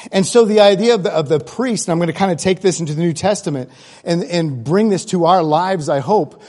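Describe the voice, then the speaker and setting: A man's voice: on the high side, mellow. Guy preaching, chatty and earnest, lots of restarts, big echoey church sound. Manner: conversational, earnest, with asides and restarts. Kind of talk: sermon. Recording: long hall reverb.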